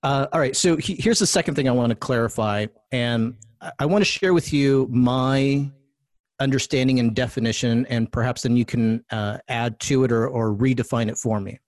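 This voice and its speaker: A man hosts a relaxed talk show conversation at a mid-range pitch. He thinks out loud, restarts phrases and keeps asking his guest whether he agrees. The sound is dry and close, with no room echo. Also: normal speed. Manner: conversational, self-correcting, asks for agreement. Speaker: podcast host. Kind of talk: casual political discussion.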